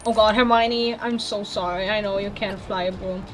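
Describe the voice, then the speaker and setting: A woman casually commenting on a video game as she plays, chatty and easily excited, talking to the characters on screen. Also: mid-range voice, moderate pace, soft background music. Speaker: let's play gamer.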